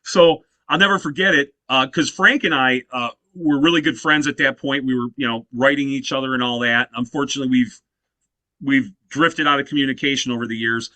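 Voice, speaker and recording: A man's voice: medium pitch, steady tone, a little fast, sharp tone, no echo. A man in his fifties, a guest musician in a casual interview, telling stories animatedly and leaning on "you know" fillers. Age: 50s.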